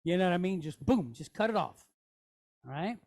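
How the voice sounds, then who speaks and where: A woman's voice: fairly low pitch, animated, fairly quick, darkish tone. A woman teaching a language class, patiently explaining step by step, demonstrating sounds aloud and often checking in with "okay?". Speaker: Hebrew teacher.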